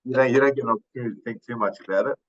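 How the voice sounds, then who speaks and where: A man in his thirties from Papua New Guinea, a podcast guest telling his story in a thoughtful, unhurried way with many fillers and restarts. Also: medium pitch, muffled recording. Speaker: podcast guest, retired rugby league player. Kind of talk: casual interview storytelling.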